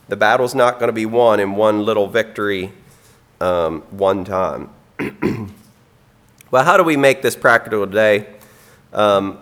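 A man preaching a sermon in an earnest, plain-spoken way, with frequent ums and some throat clearing. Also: on the low side, fairly bright tone.

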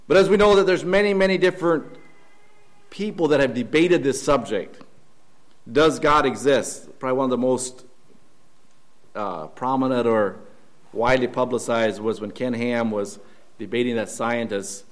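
A man preaching a Sunday morning sermon in a church, earnest and halting, often repeating words and posing questions to the congregation. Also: medium pitch.

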